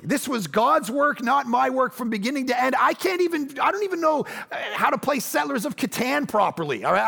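A man preaching a sermon as pastor, telling lively personal stories and swinging from loud, punchy lines to low, quiet ones. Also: vocal fry.

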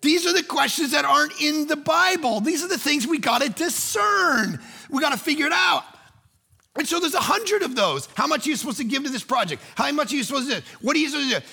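A man preaching a sermon, telling a story that he acts out with energy and sometimes shouts. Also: very high-pitched, fast talker, creaky. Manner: lively storyteller who acts out scenes, rising to shouts. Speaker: pastor.

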